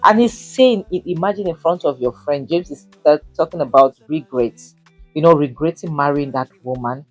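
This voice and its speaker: A woman's voice: deep voice, moderate pace, dry recording, faint music behind. A young woman reviewing a drama series in casual, indignant commentary, stressing points and saying "you know" a lot. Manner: indignant, emphatic, repeats "you know" often.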